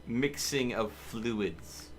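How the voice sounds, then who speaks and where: A man chatting casually during a multiplayer gaming stream, quick to laugh at himself and joke along with friends. His voice sits at an ordinary middle pitch. Clear engine rumble and game ambience run under everything he says. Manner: joking, laughs easily, self-deprecating. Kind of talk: casual chat while gaming.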